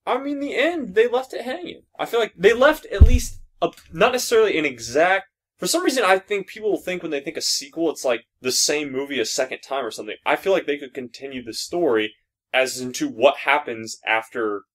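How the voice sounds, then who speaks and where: Lively, rambling young man. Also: a little high, brisk. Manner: rambling, hesitant, restarts thoughts. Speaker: podcast co-host. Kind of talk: casual movie review chat.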